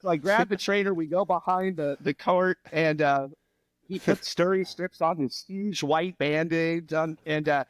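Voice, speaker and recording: A man in his fifties, a former volleyball player, telling animated stories on a podcast with laughs and acted-out quotes. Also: on the high side, a little slow, no echo. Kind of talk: casual storytelling chat.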